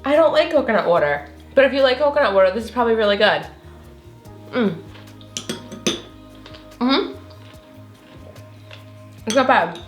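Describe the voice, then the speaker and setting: Woman host, slight Southern twang, high voice, chatty recipe vlog in a roomy kitchen. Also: expressive, moderate pace, pauses often, soft background music. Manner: chatty, filler-heavy, giggly. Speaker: recipe vlogger. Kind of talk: casual recipe demo.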